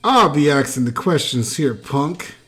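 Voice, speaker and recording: A player voicing a kid who is faking a gruff, menacing detective voice during an interrogation. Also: mid-range voice, expressive, a little slow, fairly bright tone, voice pushed down. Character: kid acting as a gruff tough-guy detective.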